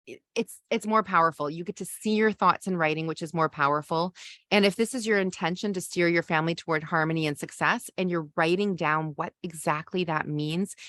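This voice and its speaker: A woman's voice: low-pitched, a bit bright, no room sound, clean studio sound. A woman hosting a live summit stream who talks to her viewers in an encouraging, coaching way. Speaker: summit host.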